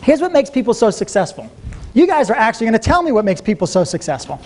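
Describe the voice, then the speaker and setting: A man giving a motivational seminar talk to a live audience, telling stories in an animated way and laughing often. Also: high voice, fast talker, slight background noise. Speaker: seminar speaker.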